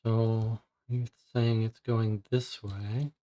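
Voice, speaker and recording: Man, live streamer, slow speech, thinking aloud, frustrated muttering. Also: fairly low pitch, level tone, warm tone, dull audio. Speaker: streamer playing a puzzle game.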